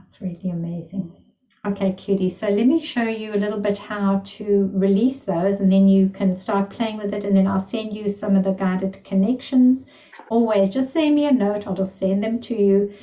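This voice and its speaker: A woman's voice: mid-range voice, mellow. A woman teaching energy healing, telling stories with delighted enthusiasm in a casual lesson. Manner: enthusiastic, marvelling storyteller. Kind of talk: casual storytelling in an online lesson. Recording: distant, roomy, slightly dull recording.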